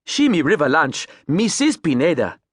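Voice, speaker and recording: A man voicing a lean, grinning boat captain with a Creole accent, talking loud in clipped broken English. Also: on the high side, very animated, moderate pace, husky, dry recording, clean studio sound, pitched above the performer's own voice. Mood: boisterous.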